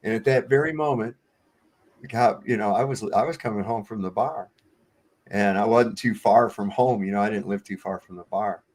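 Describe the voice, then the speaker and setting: A man with a lowish voice tells rambling stories on a live stream, swearing freely and breaking into laughter. His delivery is loose and conversational, the host chatting with his guests. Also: moderate pace, a little mellow. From Virginia. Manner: profane storyteller, laughs often. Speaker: livestream host. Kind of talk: casual chat. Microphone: home streaming setup.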